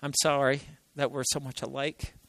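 A man preaching a sermon, swinging from loud exclamations to hushed, near-whispered lines and acting out quoted voices. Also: medium pitch, flat delivery, normal speed, creaky, no room sound, low-quality recording. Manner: acts out quoted voices, laughs between lines.

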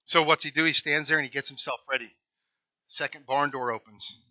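A man's voice: on the high side, steady tone, a little fast, pushed and bright, no room sound, muffled recording. A male pastor telling a folksy story in a conversational sermon.

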